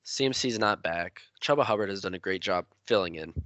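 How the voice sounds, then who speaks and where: A man's voice: low voice, animated, a little fast, a bit bright, no echo, lo-fi sound. A man hosting a casual sports podcast, giving his picks and handing the floor to each guest. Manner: leads the talk, hands off to each guest. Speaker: podcast host.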